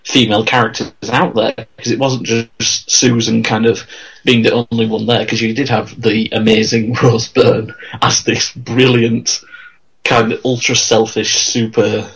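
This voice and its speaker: A man's voice: mid-range voice, level tone, unhurried, husky, poor audio. A man chatting casually and enthusiastically about a film. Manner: enthusiastic, rambling, laughs while talking. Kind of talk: casual film review chat.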